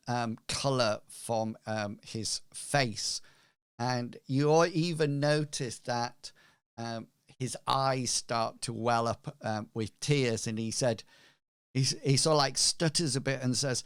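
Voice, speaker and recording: A man narrating as game master of a tabletop game, halting with many ums. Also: mid-range voice, fairly even intonation, clear, resonant tone, no echo, studio quality.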